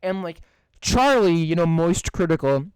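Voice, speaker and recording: A man's voice: fairly high pitch, lively intonation, moderate pace, darkish tone, clean tone, dry recording, low-quality recording. A young man co-hosting a podcast, ranting in casual chat with lots of swearing and fillers. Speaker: podcast co-host.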